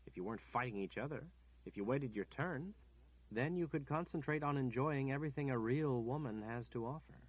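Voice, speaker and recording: A desperate, quick-witted young woman speaks softly and coaxingly, trying to sound sure of herself, as a male audiobook reader puts her on. The voice sits higher than his own, slightly husky. The recording is dull and lo-fi. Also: natural voice. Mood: coaxing, tense. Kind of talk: audiobook character voice.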